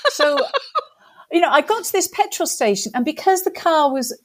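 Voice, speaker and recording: An English woman, a podcast guest, telling stories in a casual, animated way, laughing often and poking fun at herself. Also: very high voice, normal speed. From England. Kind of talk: casual storytelling.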